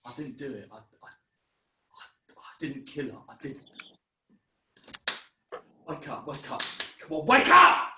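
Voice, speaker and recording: A man voicing a guilt-ridden, self-doubting young man in an online script reading, halting and anguished. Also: on the high side, huge pitch swings, very noisy. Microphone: video call mic. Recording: echoey room, mic at a distance.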